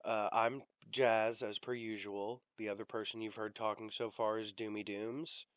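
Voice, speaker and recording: A man's voice: lowish voice, little pitch movement, moderate pace, no room sound. A young man hosting a casual podcast chat, rambling with fillers and the odd swear word. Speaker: podcast host.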